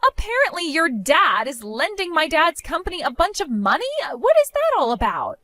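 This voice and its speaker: A woman's voice: high voice, big pitch swings, moderate pace, sharp tone, dry recording, pitched above the performer's own voice, heavily acted. A woman voicing a spiteful young woman, the groom's sister, who talks in a mocking, dismissive way. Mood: confused.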